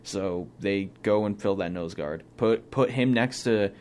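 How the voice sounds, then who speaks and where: A man's voice: lowish voice, a little slow, a little mellow. Young man riffing on football picks. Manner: opinionated, thinks aloud with restarts. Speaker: co-host. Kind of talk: casual sports chat. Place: small studio.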